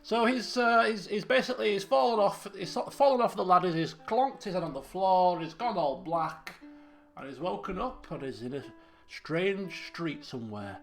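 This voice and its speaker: Gravelly man streaming a game. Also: high-pitched, lively intonation, moderate pace. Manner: chatty, self-mocking, frequent restarts and laughs. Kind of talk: live game commentary. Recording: faint guitar music behind.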